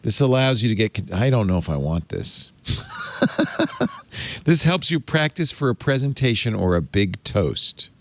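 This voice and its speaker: A man's voice: mid-range voice, big pitch swings, measured pace, no room sound. A man hosting a tech talk show, reading press text aloud and mocking it with wry asides. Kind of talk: casual panel chat.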